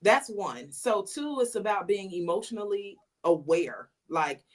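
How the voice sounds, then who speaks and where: A woman in casual conversation, a guest recounting her own story. She talks in an animated way and acts out the lines she quotes. Her voice sits at an ordinary middle pitch. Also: a little slow. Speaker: interview guest.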